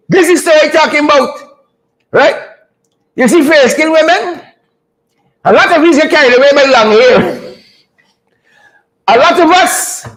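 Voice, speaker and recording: High-voiced man, comedic host. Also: low-quality recording. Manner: animated, preacher-like teasing with drawn-out punchlines. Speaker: show host. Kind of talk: comedic commentary.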